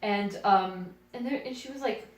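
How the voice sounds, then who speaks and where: A woman's voice: medium pitch, normal speed, crowd noise. Young woman telling a self-deprecating story. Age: young adult. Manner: self-deprecating, animated, laughs often. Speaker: podcast co-host and actress. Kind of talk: casual storytelling. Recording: echoey room, voice far from mic, faint noise.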